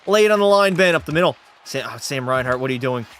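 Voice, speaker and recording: Speaking fast in an expressive, medium-pitched, slightly bright voice, a young man streams his hockey video game while tipsy from a few drinks. He swears freely, responds to chat by reading it aloud, and does rowdy mock play-by-play like a sportscaster.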